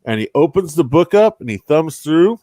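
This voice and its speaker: A man's voice: on the high side, sing-song, normal speed, warm tone, no echo. A man casually telling stories about his old security work, acting out the people he quotes and dropping "bro" and "dude". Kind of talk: casual storytelling chat.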